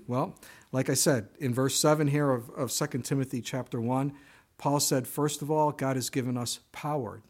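A man's voice: medium pitch, a little mellow. A man preaching a sermon, earnest and exhorting, telling stories to make his points. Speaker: pastor.

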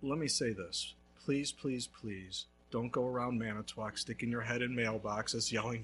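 A male pastor preaching a sermon, telling a story with lively swings between loud and hushed. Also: mid-range voice, normal speed, slightly rough.

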